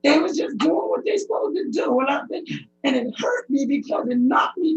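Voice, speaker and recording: A middle-aged woman from the United States gives emotional, pleading testimony at a public hearing. Her high voice has a gravelly edge, and her speech halts as she goes on. The recording sounds dull and lo-fi. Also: lively intonation, moderate pace. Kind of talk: personal testimony.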